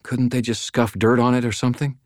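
A man's voice: medium pitch, flat delivery, brisk, dry recording, studio quality, pitched above the performer's own voice, lightly acted. A man voicing a tough, wary woman who speaks bluntly in a small toneless voice. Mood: questioning.

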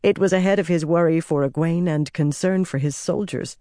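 A man narrating a fantasy audiobook in an even, measured storytelling voice. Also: a little high, dry recording, studio quality.

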